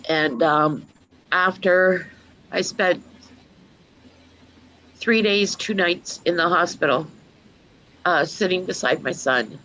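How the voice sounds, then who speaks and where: A woman, a mother, giving a personal testimony in an earnest, storytelling way with many pauses. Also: fairly low pitch, a bit bright, slight background noise, rough recording. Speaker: guest mother.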